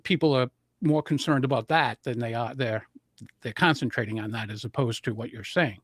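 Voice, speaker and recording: A man who coaches public speaking, talking as a guest and explaining voice and breathing techniques with animated demonstrations. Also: mid-range voice, normal speed, no echo, clean studio sound. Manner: animated, demonstrates vocal intonation.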